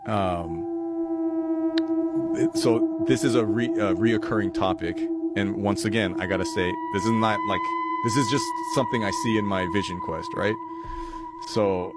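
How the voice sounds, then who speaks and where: A man's voice: on the low side, normal speed, heavy background noise. A man telling a rambling, profane story in a stand-up style.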